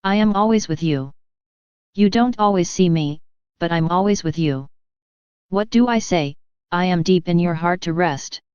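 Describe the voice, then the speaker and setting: A woman voicing a gentle, consoling male divine speaker in a calm, tender, instructive way. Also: lowish voice, moderate pace, long pauses, clear, resonant tone, no room sound, dull audio, natural voice.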